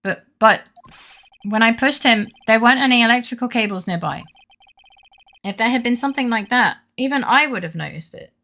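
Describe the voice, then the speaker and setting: A woman's voice: on the low side, moderate pace, gravelly, pushed and bright. A woman voicing a nervous young male college student on trial, reading his lines in an earnest, pleading way over faint game music. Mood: flustered.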